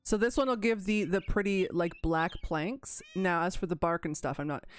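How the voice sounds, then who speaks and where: A woman hosting her own gaming channel, giving casual let's-play commentary in a chatty, animated way with dramatic pleading and giggling asides. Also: on the low side, normal speed, faint music behind.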